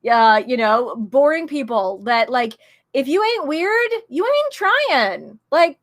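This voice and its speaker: A woman's voice: high voice, big pitch swings, slow pace. A middle-aged woman streamer chatting casually, bubbly and laughing often as she greets her viewers. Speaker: streamer and guest. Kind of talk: casual chat while streaming.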